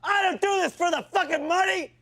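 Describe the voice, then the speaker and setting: An actor playing a foul-mouthed, abusive male football coach who yells profane insults at his team in a comedy sketch. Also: extremely high pitch, fairly quick, heavy background noise. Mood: ranting. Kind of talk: shouted sketch comedy acting.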